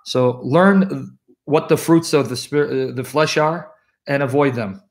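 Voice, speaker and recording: A man's voice: mid-range voice, unhurried, slight background noise. A man hosting a live question-and-answer stream, answering chat comments in a blunt, preachy way and citing scripture. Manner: blunt, preachy, quotes scripture, jokes about himself. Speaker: livestream host answering chat.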